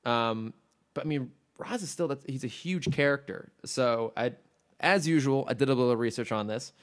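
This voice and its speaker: Male podcast co-host, mid-pitched, chatty and enthusiastic, rambles with restarts. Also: normal speed. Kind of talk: casual chat.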